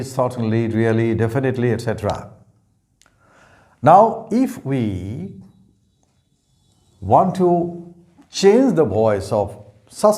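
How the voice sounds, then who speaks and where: Guy teaching english grammar, slow and careful, lots of up and down in his voice, says examples twice. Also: medium pitch, dark tone. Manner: careful, measured, repeats example sentences. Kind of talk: slow explanatory lesson.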